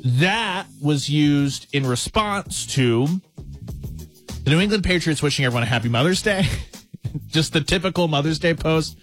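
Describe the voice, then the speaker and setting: A man's voice: on the high side, animated, normal speed, a bit bright, soft background music. A man hosting a sports radio show, chatting casually with co-hosts, joking and reading breaking news. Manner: jokey, reads breaking news aloud.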